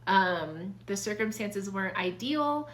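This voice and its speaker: A woman's voice: mid-range voice, lively intonation, unhurried, a bit bright. A young adult woman talking casually and earnestly about her own life, confiding, with many fillers and restarts. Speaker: vlogger sharing life advice. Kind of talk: casual personal talk.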